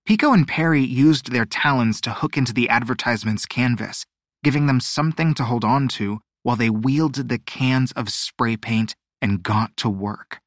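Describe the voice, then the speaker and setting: A man narrating a storybook audiobook, expressive and measured. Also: mid-range voice, dry recording, studio quality. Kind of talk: scripted narration.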